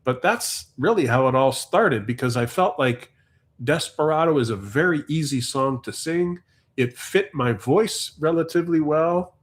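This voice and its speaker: A man's voice: a little high, animated, measured pace. A man hosting a long livestream, telling a rambling story in casual chat. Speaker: livestream host. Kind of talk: casual live stream chat.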